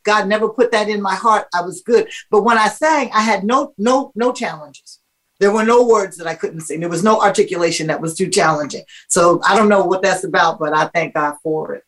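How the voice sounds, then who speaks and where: A middle-aged woman, a singer and guest, telling stories in a casual interview, animated and laughing often. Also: medium pitch, brisk, poor audio.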